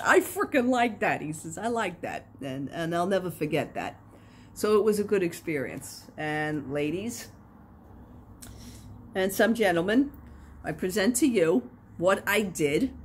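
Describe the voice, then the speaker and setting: Here a middle-aged crafting vlogger speaks at normal speed in a low-pitched voice, chatting casually to the camera. Her stories ramble and bubble with animation and fillers, and slight background noise is present.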